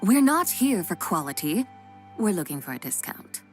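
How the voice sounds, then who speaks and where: A cool-headed young woman from a video game who reasons aloud in a measured, precise way, voiced by a woman. Her delivery stays even and analytical. Faint game music sits behind her. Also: mid-range voice, close to an everyday voice. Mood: calm.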